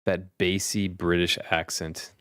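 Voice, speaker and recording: Low, smooth-voiced male streamer. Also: little pitch movement, measured pace, fairly bright tone, dry recording, studio quality. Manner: thinks aloud, rambling with fillers. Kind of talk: casual chat.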